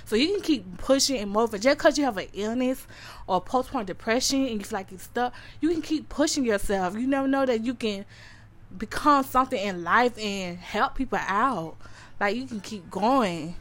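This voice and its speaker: A woman's voice: fairly high pitch, animated, normal speed. A young adult woman hosting her own podcast, telling her personal story to listeners in an earnest, repetitive way and calling them honey. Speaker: podcast host. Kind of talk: personal testimony to a live audience.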